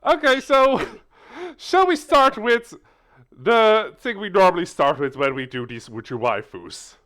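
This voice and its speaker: Man, co-host, casual chat, joking explanations, high voice, very animated. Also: unhurried. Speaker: podcast co-host.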